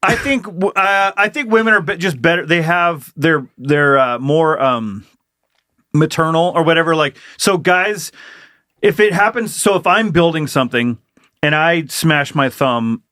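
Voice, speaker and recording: A middle-aged man talks on a podcast in plain, halting sentences, often restarting his thought. His voice sits a little high and dry, close to the mic. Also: animated, sharp tone, dry recording. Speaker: podcast co-host. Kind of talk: casual chat.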